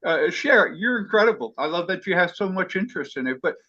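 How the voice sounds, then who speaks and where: A man leading an online study class over a video call, effusive and eager, spelling things out slowly for his listeners. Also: high voice, lively intonation, sharp tone, lo-fi sound. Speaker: class leader.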